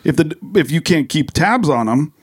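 A man's voice: a little high, expressive, normal speed, slightly rough. A man co-hosting a casual podcast chat, telling stories in a rambling way with restarts. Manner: rambling storyteller, many fillers and restarts. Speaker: podcast co-host.

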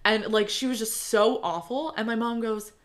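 A young woman co-hosting a podcast, telling a story in a lively, animated way, swearing freely and acting out what people said. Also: on the high side, moderate pace. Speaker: podcast co-host. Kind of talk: casual chat.

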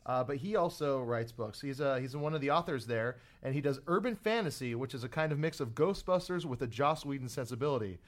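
A man's voice: mid-range voice, lively intonation, a little fast, hardly any pauses. Hesitant young male co-host. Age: 20s. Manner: hesitant, lots of fillers, self-deprecating. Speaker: podcast co-host. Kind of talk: casual podcast chat.

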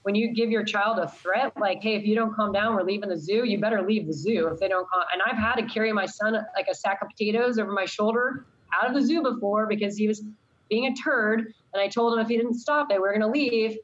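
Woman, mid pitch, earnest opinionated teacher, slightly muffled. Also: fast talker. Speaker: college science teacher. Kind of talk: casual chat.

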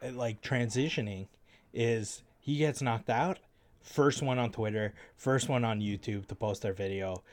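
A man's voice: medium pitch, measured pace. Young man chatting, laid-back and explaining. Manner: relaxed, explaining, many fillers like "like" and "um". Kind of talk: casual chat.

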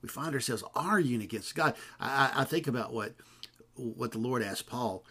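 A man preaching a sermon in a conversational, digressive way, full of fillers and asides, swinging from loud emphasis to hushed lines. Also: medium pitch, animated, normal speed, breathy edge.

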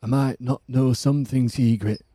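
A man voice actor doing a slow, solemn impression of a brooding young northern swordsman. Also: mid-range voice, fairly even intonation, warm tone, no room sound, lightly acted.

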